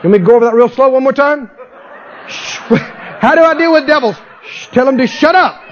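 A man's voice: extremely high pitch, a little fast. A man preaching a fervent sermon, firing rhetorical questions at his congregation and answering them himself. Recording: dull lo-fi sermon recording.

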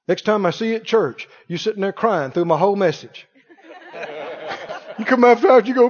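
A male pastor preaches with a strikingly high voice, slipping into voices of doubting people as he makes his points. His sermon rings through a large hall with a long reverb tail. The recording sounds somewhat dull and muffled. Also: expressive, normal speed, long pauses.

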